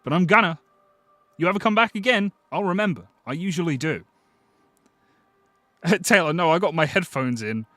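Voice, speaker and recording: A British man hosting a live stream, chatting casually with viewers, excitable and swearing freely. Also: fairly high pitch, moderate pace, pauses often, dry recording. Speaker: livestream host.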